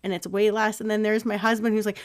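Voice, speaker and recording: A woman's voice: medium pitch, flat delivery, quick pace. A woman hosting a podcast interview, talking earnestly and reflectively in a casual, conversational way and sharing stories about raising her son. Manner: earnest, reflective, shares personal parenting stories. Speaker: podcast host.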